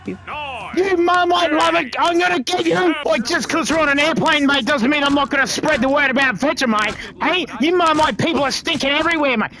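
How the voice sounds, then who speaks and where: A man's voice: very high voice, a little fast, pitched above the performer's own voice, full character voice. A man with an Australian accent playing a rowdy, Vegemite-obsessed brawler in a comic video game skit. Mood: belligerent. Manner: yelling, aggressive, comic.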